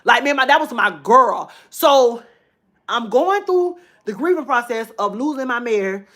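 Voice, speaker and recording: A woman's voice: fairly high pitch, expressive, measured pace, a bit bright. A woman, telling a personal story to her viewers in a chatty, emotional way. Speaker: vlogger.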